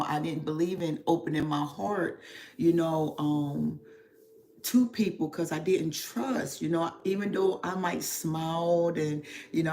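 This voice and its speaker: Emotional middle-aged woman, slow confiding talk. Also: sits low, dark tone. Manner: slow, reflective, heavy with pauses and fillers. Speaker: spiritual therapist hosting a livestream. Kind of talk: confessional livestream talk.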